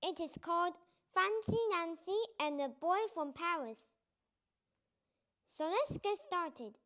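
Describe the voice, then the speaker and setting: With a high, slightly bright and animated voice, a woman English teacher reads a picture book aloud and explains it. Her reading is slow and deliberate, with sentences repeated for learners.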